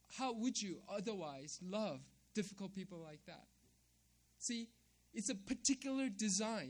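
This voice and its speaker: A man preaching a sermon, emphatic, repeating key phrases and checking in with "right?". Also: high-pitched. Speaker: pastor.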